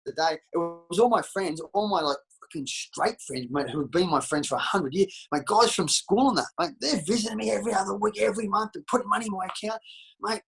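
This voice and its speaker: A man's voice: sits high, fast, gravelly, a bit bright, breathy edge, rough recording. A middle-aged Australian man talking bluntly and profanely in a candid interview, calling everyone mate. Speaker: interview guest.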